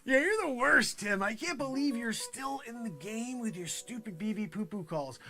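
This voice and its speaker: Brash high-voiced man improvising comedy. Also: animated, creaky, sharp tone, soft background music. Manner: rapid character switching, brash salesman bravado. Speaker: comedy show host.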